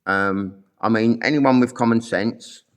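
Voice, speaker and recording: A man's voice: mid-range voice, a little slow. A middle-aged man telling his own story in a blunt, sweary, rambling monologue full of fillers. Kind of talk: angry monologue to camera.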